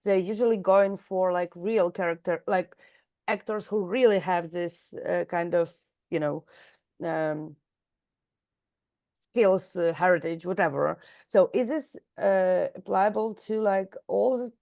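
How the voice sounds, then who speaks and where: Gravelly-voiced woman, hesitant interviewer. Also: on the low side, measured pace, mellow. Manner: searching for words, many fillers and "like".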